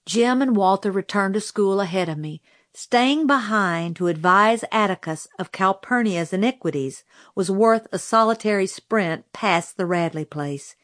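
A woman narrating a novel aloud in a measured storytelling manner on a close microphone. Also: mid-range voice, a bit bright, dry recording. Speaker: audiobook narrator. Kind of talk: scripted narration.

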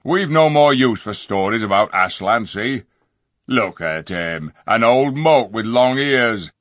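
A man voicing a surly, scornful male dwarf who talks in a gruff, jeering, common way. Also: mid-range voice, expressive, slow, fairly bright tone, no room sound, clean studio sound, voice pushed up. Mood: sneering. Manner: gruff, jeering, working-class speech.

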